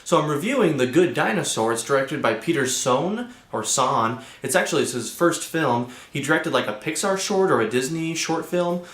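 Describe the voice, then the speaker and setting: A man's voice: a little high, lively intonation, a little fast, few pauses, fairly bright tone, roomy sound. A young man hosting a casual movie review, chatty and loose with lots of fillers.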